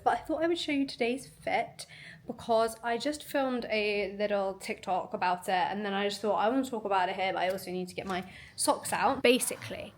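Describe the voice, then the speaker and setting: A woman's voice: mid-range voice, recorded from a distance, a little hiss or hum. A young woman vlogging casually at home, chatty and self-mocking, with a stuffy voice from a cold. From United Kingdom. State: nasal from a cold. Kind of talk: casual vlog chat. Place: home bedroom. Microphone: handheld camera.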